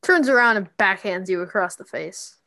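A woman runs a tabletop game as game master, narrating in a loose, halting way full of fillers. Her voice sits in a middle range for a woman and sounds dry and close, with almost no room around it. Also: mid-range voice, animated, vocal fry, bright, forceful tone, no room sound. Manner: casual, halting, many fillers.

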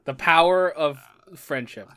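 A podcast co-host in casual chat, giggly and excitable, rushing through points. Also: medium pitch.

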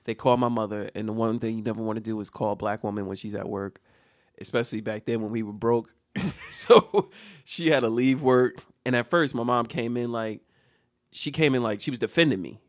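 A man's voice: mid-range voice, fairly quick, no room sound, studio quality. A man telling a comedic story on a podcast. He laughs often and acts out the voices and sounds of other people.

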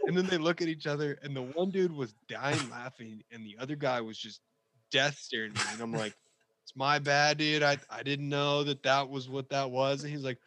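A man's voice: steady tone, moderate pace, fairly bright tone, a little hiss or hum. A young man on a podcast telling a work story in casual chat, laughing as he acts out the quotes. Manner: laughs through his story, acts out quotes in high voices. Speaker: podcast co-host.

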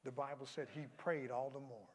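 A man preaching a sermon as pastor, moving from quiet storytelling to shouted calls. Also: medium pitch, steady tone, brisk. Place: church sanctuary. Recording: long hall reverb.

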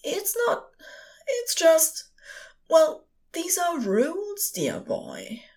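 A woman voicing a gentle, fussy male angel with a high, soft, breathy voice. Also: huge pitch swings, drawn-out words, full character voice. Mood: flustered.

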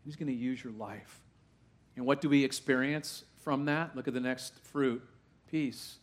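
A male pastor in the pulpit, talking to his congregation rather than at them. He fires off question after question, drops to a hush, then climbs to loud, excited peaks, with his voice sitting in an ordinary middle pitch for a man. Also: unhurried. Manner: conversational preaching full of questions to the congregation; swings from hushed asides to loud, rising exclamations. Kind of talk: sermon. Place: church sanctuary with a live congregation.

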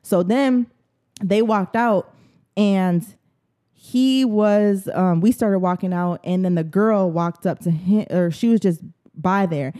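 A woman's voice: mid-range voice, slow. A young woman co-hosting a podcast, telling a story in casual, profane chat and acting out what people said. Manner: animated, profane storytelling with acted-out quotes. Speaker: podcast co-host.

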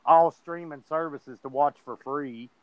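Casual podcast co-host, man, rambling and profane, smooth fairly high voice, phone-line sound. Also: a little slow, no echo. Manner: rambling, swears freely. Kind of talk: casual chat.

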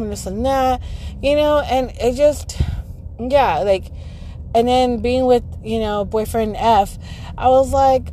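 A woman in her thirties, worn out after a long day, rambles through a personal story with a mellow, warm voice, swearing freely and leaning on fillers. A faint hiss of noise sits under the recording. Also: fairly high pitch, measured pace, low-quality recording. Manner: rambling and profane, heavy fillers. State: tired. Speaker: podcast host. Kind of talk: casual storytelling monologue.

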